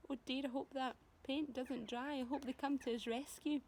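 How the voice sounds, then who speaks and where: A woman's voice: sits high, husky. Woman teacher reading a storybook aloud. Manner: expressive, dramatic storytelling pauses. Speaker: primary school teacher. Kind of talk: reading a children's book aloud.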